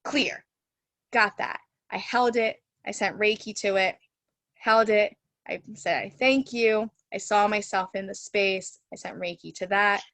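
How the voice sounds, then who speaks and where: A woman's voice: mid-range voice, fairly even intonation, unhurried, fairly bright tone, dry recording. A woman Reiki teacher telling a story in a casual, chatty way over a video call from her home, full of fillers. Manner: chatty, lots of "like" and "you know" fillers.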